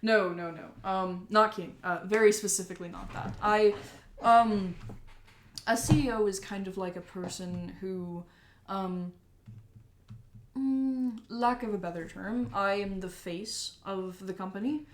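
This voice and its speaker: A woman's voice: mid-range voice, a little slow, roomy sound, lightly acted. A woman doing a chatty cheerful male mayor. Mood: upbeat. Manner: chatty, upbeat, rambling with fillers.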